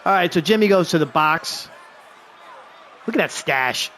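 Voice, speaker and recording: A man giving excited play-by-play of a hockey video game he is playing, openly rooting for his team. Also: a little high, normal speed, slight background noise.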